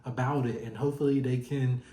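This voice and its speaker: Speaking briskly in a steady, dark, mid-range voice, a man offers chatty commentary on a reality show, talking directly to its cast. There's a roomy echo on the recording.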